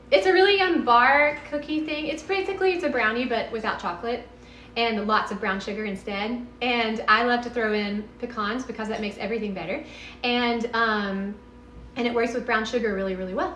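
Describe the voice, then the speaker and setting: A woman's voice: sits high, pushed and bright, reverberant. A woman with a Texan accent chatting casually in her home kitchen during a live cooking stream, bubbly and meandering as she talks to viewers. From Texas.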